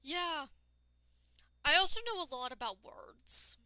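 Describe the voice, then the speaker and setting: A woman streaming a game and chatting casually with her viewers. She talks in a rambling way, addresses chat directly and sounds tired and low-energy. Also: expressive, takes it slowly, sharp tone, no echo, rough recording. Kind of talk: casual live-stream chat while gaming.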